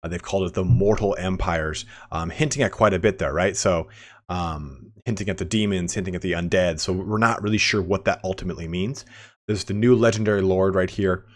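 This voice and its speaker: A man's voice: low-pitched, brisk. A man giving casual, rambling game commentary, full of fillers and restarts. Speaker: gaming commentator.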